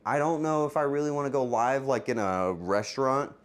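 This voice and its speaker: Animated, teasing male streamer. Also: mid-range voice, a little fast. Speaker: streamer, cooking show host. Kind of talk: live stream chat.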